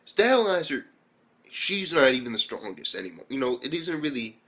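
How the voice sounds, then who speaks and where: A man's voice: medium pitch, big pitch swings, normal speed, a bit bright, slightly rough. A man giving a rambling, profane spoken anime review, acting out characters' lines as he retells the episode.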